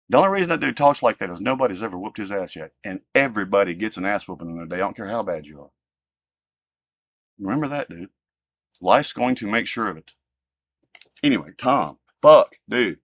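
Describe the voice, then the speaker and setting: A man hosting a livestream, ranting with profanity and swinging between loud outbursts and low muttering. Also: lively intonation, fairly quick, dry recording. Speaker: livestream host. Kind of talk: heated ranting livestream talk.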